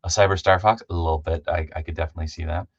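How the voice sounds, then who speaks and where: A man hosting a casual live stream, chatty and loose, shouting out viewers by name with lots of ums. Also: sits low, steady tone, very fast, no echo, dull audio. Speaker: livestream host.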